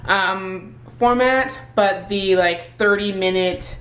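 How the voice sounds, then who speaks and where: A woman with a medium-pitched voice talks slowly and almost without pausing as she vlogs casually from her home kitchen. This daily vlogger rambles, pokes fun at herself, and uses lots of fillers. The room sounds echoey, with faint background noise.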